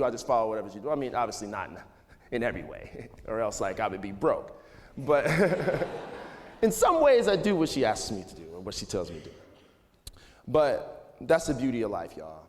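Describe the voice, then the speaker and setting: A man in his thirties giving a relaxed, rambling talk to a live audience in a school auditorium, full of "you know" and "like". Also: medium pitch. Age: 30s. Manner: loose and conversational, heavy with "you know" and "like". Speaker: guest speaker. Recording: long hall reverb.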